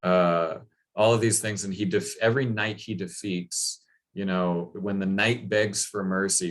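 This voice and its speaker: A man's voice: deep voice, steady tone, a little slow. A man retelling a legend in a loose, chatty talk, full of fillers. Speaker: speaker. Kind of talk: casual storytelling talk.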